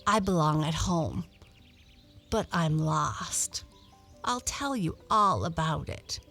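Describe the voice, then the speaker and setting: A woman's voice: sits low, lively intonation, slow, creaky, fairly bright tone, soft background music, exaggerated voice. A woman voicing a timid lost little cat. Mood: earnest. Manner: pleading, earnest. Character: small lost female cat, timid, tired and hungry.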